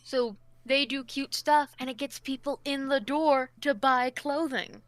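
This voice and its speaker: A woman's voice: sits high, steady tone, unhurried, dry recording. A woman voicing an anxious, overworked young male shop owner, speaking earnestly and persuasively.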